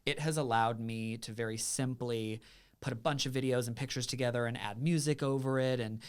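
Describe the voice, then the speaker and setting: A man's voice: medium pitch, steady tone, fairly quick, clear, resonant tone. A man hosting a podcast, a parent, chatting casually with a guest in a bold, upbeat, in-your-face manner. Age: adult, a parent. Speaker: podcast host. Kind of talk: casual interview chat.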